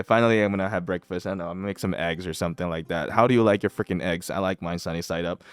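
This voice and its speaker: A man's voice: on the low side, clear, resonant tone, dry recording. A man giving casual commentary while playing a mobile strategy game, chatty and teasing, often breaking into laughter.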